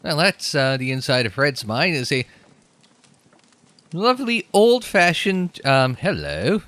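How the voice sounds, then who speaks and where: A man's voice: fairly high pitch, big pitch swings, slow pace, a bit bright, dry recording. A young man giving casual, joking let's-play commentary, sarcastic and rambling. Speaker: game commentator.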